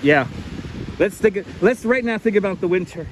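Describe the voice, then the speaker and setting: Slightly high New guy, a bit winded, live-streaming a beach walk on a wireless mic with wind noise. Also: lively intonation, measured pace, long pauses. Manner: chatty, greets viewers by name. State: a little out of breath from walking fast. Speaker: livestream host. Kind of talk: live walking stream, greeting chat. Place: outdoors on a windy beach. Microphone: wireless clip-on mic.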